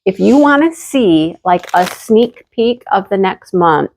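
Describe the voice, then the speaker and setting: A woman's voice: medium pitch, lively intonation, a little slow, darkish tone, a little hiss or hum. A woman chatting casually to her viewers as she unboxes and shows yarn deliveries for her craft channel. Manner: chatty, talks directly to viewers.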